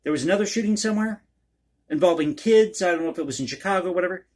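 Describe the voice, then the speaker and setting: Rapid-fire and husky, his high voice has a darkish tone. The man hosts a one-take political commentary vlog where he rambles folksily and conspiratorially, full of opinions, speaking to his viewers as folks.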